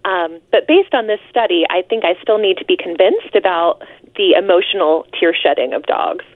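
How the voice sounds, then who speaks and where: A woman veterinarian calling in as a guest, explaining in a friendly, clear way. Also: fairly low pitch, expressive, moderate pace, no room sound. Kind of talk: phone-in interview. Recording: dry tinny phone line.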